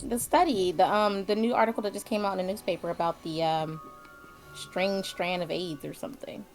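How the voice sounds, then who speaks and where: A woman player in a tabletop game, speaking hesitantly with many pauses and fillers. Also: fairly low pitch, fairly even intonation, faint music behind, poor audio.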